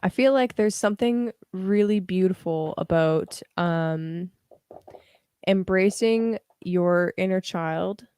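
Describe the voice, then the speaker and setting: Slow, chatty young woman reading tarot. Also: fairly low pitch, darkish tone, clean tone, dry recording, studio quality. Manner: chatty, laughing, slangy, answers chat. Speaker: tarot reader livestream host. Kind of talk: casual live tarot reading chat.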